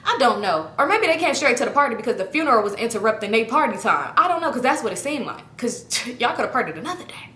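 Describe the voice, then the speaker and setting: A woman's voice: a little high, fast, hardly any pauses. A young woman telling a story from her own life in a casual, slangy way, acting out what people said. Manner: animated, slangy, acts out quoted people. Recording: echoey room.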